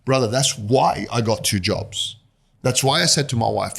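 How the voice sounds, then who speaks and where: His mid-range voice is gravelly, fairly bright and slightly rough, moving at a moderate pace. He is a Brazilian man in his fifties, a native Portuguese speaker with a Brazilian accent, appearing as a guest investor who tells his story and animatedly acts out voices.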